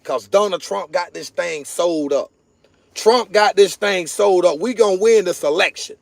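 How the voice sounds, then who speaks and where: High-voiced man preaching politics from his car. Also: measured pace, gravelly, no echo. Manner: emphatic, repetitive, preaching cadence. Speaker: political vlogger. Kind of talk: preachy political rant to viewers. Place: in a car, then stepping outside.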